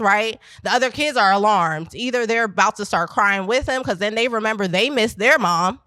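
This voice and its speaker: A middle-aged woman from Pennsylvania, a business founder, telling a lively story to a live audience and talking straight to the crowd. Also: fairly high pitch, moderate pace, hardly any pauses, dry recording. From Pennsylvania, USA. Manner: animated, chatty, addresses the crowd directly. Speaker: business founder speaking at an event. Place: event space at a coworking venue.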